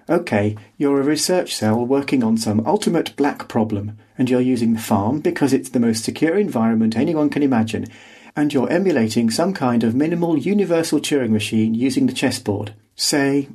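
A man's voice: medium pitch, a little mellow, husky. A man narrating a first-person story in a dry, wry storytelling manner. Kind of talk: scripted fiction narration. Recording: podcast audiobook reading.

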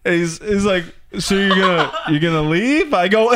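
A man's voice: high-pitched, normal speed, few pauses, a little hiss or hum. A man co-hosting a podcast, telling comic stories with lots of laughter. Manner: animated storytelling, laughs often. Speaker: podcast co-host. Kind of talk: casual comedic chat.

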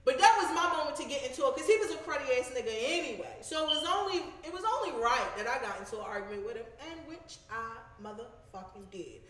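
Blunt high-voiced woman in an echoey room. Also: quick pace, few pauses. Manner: blunt, animated, profane. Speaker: show host. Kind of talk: casual storytelling chat.

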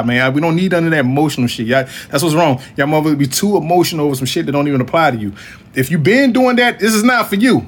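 A man hosting a casual podcast chat, talking bluntly and profanely in a rambling way, with restarts and laughs. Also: mid-range voice. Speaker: podcast host.

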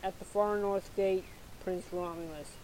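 Woman voicing a nervous rat guard, deferential, storybook, slow. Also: medium pitch, fairly even intonation, dark tone, slight background noise, lightly acted, poor audio. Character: male rat chief guard, dutiful and anxious.

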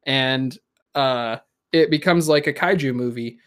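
A man improvising a silly adventure story in casual chat, halting and searching for words. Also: medium pitch, fairly bright tone.

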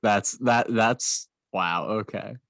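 A man's voice: lowish voice, slow, gravelly, a bit bright, no room sound. A man in a casual podcast chat, laid-back and sarcastic, often breaking into laughter.

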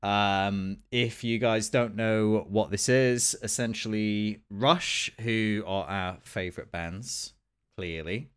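A young man talks through a film review with a friend, easygoing and peppered with ums and little laughs. His voice sits a bit low. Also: slow pace, clear, resonant tone. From England. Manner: relaxed, laughing, full of filler ums. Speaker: podcast co-host. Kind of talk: casual review chat.

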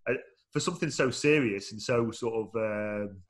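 A man's voice: fairly low pitch, moderate pace. A man from England hosting a casual podcast chat, steering the talk with many fillers. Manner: friendly, guiding the talk, hesitant fillers. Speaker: podcast host.

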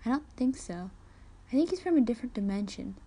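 Brief: woman doing a bright playful young heroine, eager and teasing, storybook reading. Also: a little high, animated, a little fast, husky, pitched above the performer's own voice. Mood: lively.

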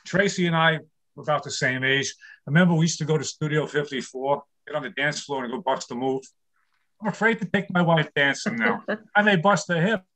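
On a video call from his home studio, a New York City stand-up in his sixties shoots off one-liners and laughs along with himself. His voice runs on the high side, brisk, pushed and bright.

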